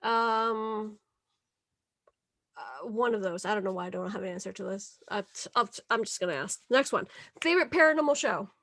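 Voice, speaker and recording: A woman hosting a casual podcast, upbeat and quick to laugh as she leads the segments. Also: mid-range voice, fairly bright tone, no echo, clean studio sound. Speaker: podcast host. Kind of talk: casual chat.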